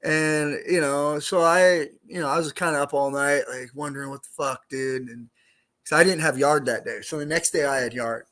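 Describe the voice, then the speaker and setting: A man's voice: a little high, fairly even intonation, moderate pace, a bit bright. Middle-aged man, former inmate guest, loose street slang, swears freely, rambles through stories. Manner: streetwise, profane, rambling with fillers. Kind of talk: casual storytelling interview.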